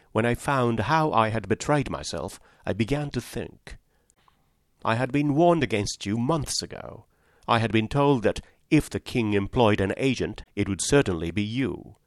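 A man voicing a clever young woman's letter, read in a poised, gently mocking manner. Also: mid-range voice, dry recording, studio quality, close to an everyday voice.

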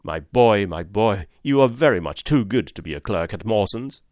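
A man voicing a brisk, sharp-spoken middle-aged financial agent who flatters and talks up a job offer in an audiobook. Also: lowish voice, no echo, studio quality. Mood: flattering. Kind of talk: audiobook character voice.

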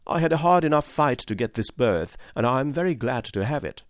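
A man's voice: medium pitch, lively intonation, brisk, no echo, studio quality, voice pushed up, close to an everyday voice. A man voicing an eager, modest young clerk answering questions about his work in an audiobook. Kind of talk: audiobook character voice.

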